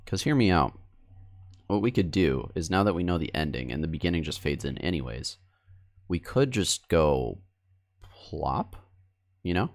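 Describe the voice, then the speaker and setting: A man's voice: deep voice, very animated, moderate pace. A male streamer editing video live, chatting casually and self-deprecatingly with his viewers. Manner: rambling and self-deprecating, talks straight to chat.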